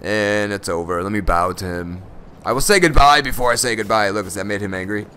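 A young man giving excitable, profane live commentary over his own gameplay, often bursting into shouts. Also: on the low side, a little fast, slight background noise. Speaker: gaming channel host.

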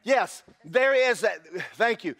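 A man preaching a sermon as pastor, animated and breaking into shouted praise. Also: very high-pitched, slow pace.

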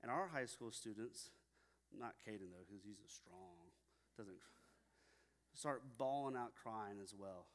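A man's voice: on the low side, a little slow, long pauses. A young man preaching a sermon at a church, telling stories casually with many fillers. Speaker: pastor. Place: church sanctuary. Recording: long reverb in a hall.

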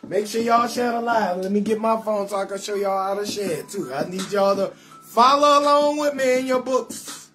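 A man riffs loudly and playfully, greeting viewers in a rambling, sing-song patter. He hosts a casual live stream from his bed at home, with faint music playing behind him. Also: high voice, moderate pace. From New Orleans. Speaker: comedian hosting a live call-in show.

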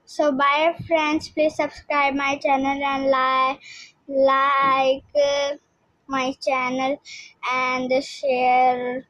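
A woman with an Indian English accent giving a slow, informal language lesson, pausing often and repeating words. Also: high-pitched, level tone, a bit bright, dry recording, lo-fi sound. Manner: slow, halting, repeats words, frequent pauses. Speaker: language teacher.

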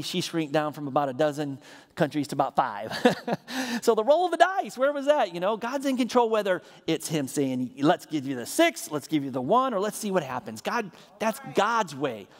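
A male pastor preaching a sermon with energy, building to emphatic repeated refrains and often stumbling into quick restarts. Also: sits high. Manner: frequent stammered restarts. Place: church sanctuary. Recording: reverberant church hall.

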